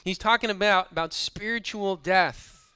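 A man's voice: sits high, moderate pace, sharp tone, smooth, no room sound. A man preaching a sermon, building emphasis and dropping into sarcastic asides. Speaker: pastor.

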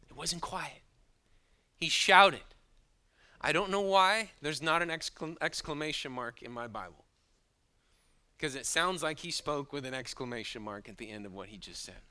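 A male pastor delivering a sermon in a very bright, ringing voice that sits a little high for a man. He drops to near-hushed asides, then surges back up loud, with the odd chuckle at his own points. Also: measured pace, pauses often. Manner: dramatic, shifting between hushed asides and loud bursts.

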